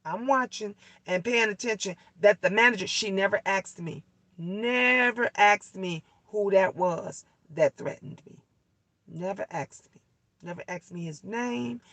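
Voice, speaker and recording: A woman's voice: medium pitch, unhurried, a bit bright, dry recording, low-quality recording. A middle-aged woman venting in a casual vlog on her lunch break, blunt and profane, repeating her points for emphasis. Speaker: leasing office worker vlogging on her lunch break.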